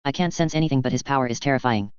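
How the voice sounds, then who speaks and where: Man reading sly battle-hungry male fighter, musing, crisp voice, dull dry sound. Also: mid-range voice, very fast, no room sound, natural voice. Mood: tense musing. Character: thrill-seeking adult male fighter, unsettled.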